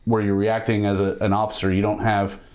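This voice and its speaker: A man's voice: lowish voice, little pitch movement, brisk, darkish tone. A man hosting a podcast, chatting casually and often restarting his sentences. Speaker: podcast host. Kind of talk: casual chat.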